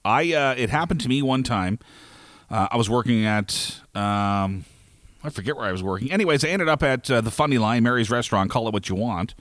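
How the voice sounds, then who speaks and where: Animated storytelling man, lively pitch. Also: a little fast, no echo. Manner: animated, laughing storyteller who acts out quoted lines. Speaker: podcast host telling a story. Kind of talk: casual storytelling chat.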